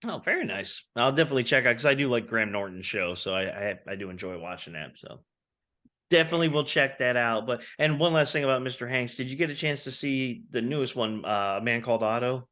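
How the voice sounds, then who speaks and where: A man co-hosting a casual movie podcast, easygoing and quick to laugh. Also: mid-range voice, lively intonation, pushed and bright. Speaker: podcast co-host. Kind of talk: casual chat.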